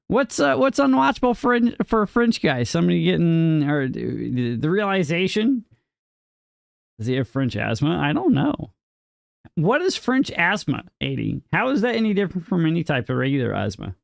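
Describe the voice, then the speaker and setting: Gravelly, lively man teasing his stream chat. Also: measured pace, dry recording, studio quality. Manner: playful teasing, mock-indignant, jumps high on questions. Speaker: livestreamer. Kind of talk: casual live-stream chat, reading and answering chat.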